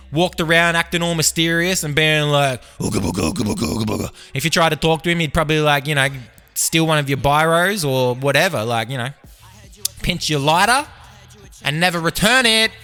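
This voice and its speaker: An Australian man talks his way through a meandering comic monologue, full of ums and likes. His voice is bright and fairly high for a man, and faint music plays underneath. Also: brisk, clear, resonant tone. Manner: absurd, meandering, filler-heavy. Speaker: podcast host. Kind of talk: rambling comedic monologue.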